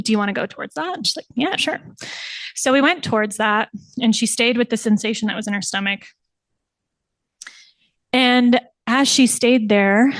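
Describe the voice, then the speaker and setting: A woman's voice: fairly high pitch, no room sound. A young woman presenting her thesis, telling a client's story and animatedly acting out the quoted voices with laughs. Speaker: somatic practitioner presenting thesis.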